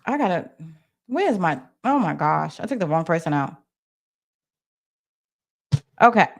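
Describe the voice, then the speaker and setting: A woman's voice: lowish voice, very animated, unhurried, vocal fry. A woman hosting a livestream, retelling things in a casual, rambling way with lots of fillers. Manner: flustered while managing chat. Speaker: livestream host.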